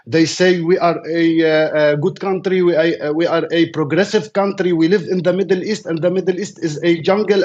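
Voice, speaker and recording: Lebanese correspondent on a remote line; fairly high-pitched, careful and halting in English, muffled call sound. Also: male voice, darkish tone, slight background noise. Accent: Lebanese, from Baalbek. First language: Arabic. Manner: halting, searching for words, many fillers. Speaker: war correspondent. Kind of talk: remote interview.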